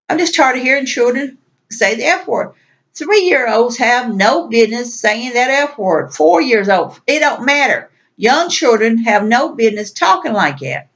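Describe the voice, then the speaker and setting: A woman's voice: a little high, fairly bright tone. A woman vlogger venting in an exasperated, repetitive rant. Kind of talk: venting monologue. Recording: dull lo-fi recording.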